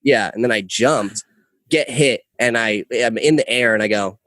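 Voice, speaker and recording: Young man, podcast guest, rambling animated storytelling, casual swearing, mid pitch, dry close mic. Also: moderate pace, dry recording. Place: podcast studio.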